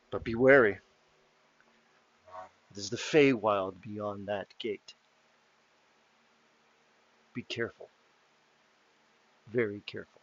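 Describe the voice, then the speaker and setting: A man voicing a solemn male gatekeeper who speaks in slow, formal warnings. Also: lowish voice, no echo, dull audio.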